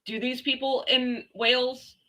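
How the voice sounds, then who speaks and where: Sarcastic ranting woman host, bright voice. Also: sits high, flat delivery, unhurried. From Canada. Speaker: royal gossip livestream host. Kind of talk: casual chat reading viewer comments.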